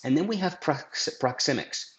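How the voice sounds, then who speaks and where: A man's voice: fairly high pitch, normal speed. A middle-aged man teaching a scripted video lesson on influence as a trainer, emphatic and asking rhetorical questions. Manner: lively, emphatic presenter who asks rhetorical questions. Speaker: sales trainer.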